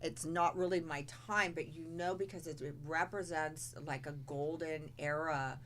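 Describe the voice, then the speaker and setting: A woman's voice: low voice, fairly even intonation, normal speed, a bit bright, slight background noise. A woman hosting a podcast interview who keeps the talk going with eager questions. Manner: eager, asks many questions. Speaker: podcast host. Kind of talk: casual interview.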